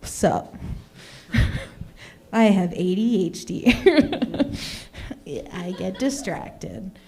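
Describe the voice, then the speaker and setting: Soft music plays in the background as a young woman, her voice warm, animated, and medium-pitched, talks very slowly through an open mic stand-up set. In a small comedy venue before a live audience, she rambles, makes fun of herself, chats with people, and repeats "oh my goodness."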